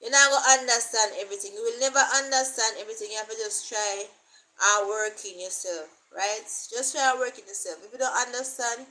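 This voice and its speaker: A woman's voice: fairly high pitch, a little fast, pushed and bright, poor audio. A Jamaican woman vlogger chatting casually to camera, rambling and repeating herself as she thinks aloud.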